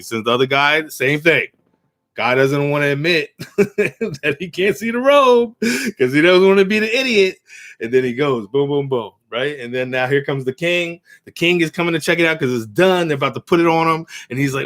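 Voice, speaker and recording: A man's voice: a little high, brisk. A man hosting a video, casually preaching and telling a parable, asking "right?" as he goes. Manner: rambling storyteller, asks "right?" often. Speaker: video host.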